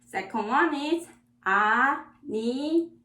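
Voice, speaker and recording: A woman's voice: high-pitched, expressive, bright, forceful tone. Woman teaching Korean in an echoey room. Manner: slow, repeats words for practice. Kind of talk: beginner language lesson.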